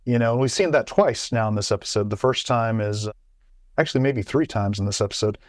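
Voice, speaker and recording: A man's voice: fairly low pitch, fairly quick, dry recording, studio quality. A man co-hosting a podcast in casual chat, talking in bursts full of restarts and repeated words. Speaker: podcast co-host.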